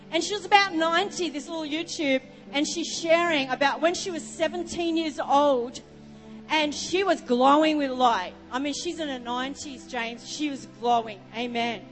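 An Australian woman preaching from the front with a high voice, telling a story and wandering off into asides. Her words ring out in a long, echoing reverb with soft music underneath. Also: moderate pace. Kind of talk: sermon.

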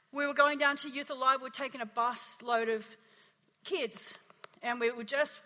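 Bright-voiced Australian woman preaching in a reverberant hall. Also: high voice. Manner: animated storytelling, acting out quotes. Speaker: pastor. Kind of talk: testimony sermon.

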